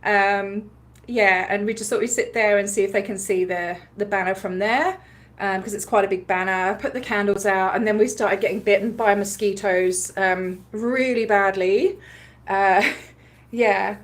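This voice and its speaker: A woman with an Australian accent, telling a story in a casual livestream recap, chatty and animated, with many fillers and frequent laughs. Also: mid-range voice, measured pace. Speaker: activist livestream host.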